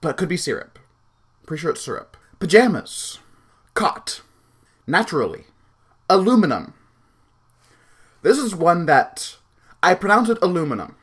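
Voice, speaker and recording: A man's voice: high-pitched, big pitch swings, a little slow, long pauses, husky. Chatty man with a Pacific Northwest accent. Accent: Pacific Northwest American. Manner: chatty, rambling with fillers. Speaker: vlogger. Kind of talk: casual vlog reading a word list.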